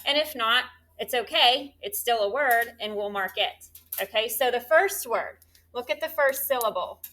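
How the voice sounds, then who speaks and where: Bright, slightly high woman teacher leading a third grade class through coaxing phonics drills. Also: moderate pace, slight background noise. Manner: animated, coaxing call-and-response questions.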